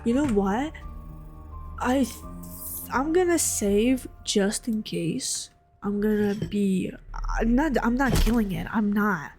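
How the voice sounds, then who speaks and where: A young woman playing a game, reading its lines aloud and talking back to it excitedly. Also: medium pitch, slow, faint music behind. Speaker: gamer streamer. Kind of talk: let's play, reading dialogue aloud.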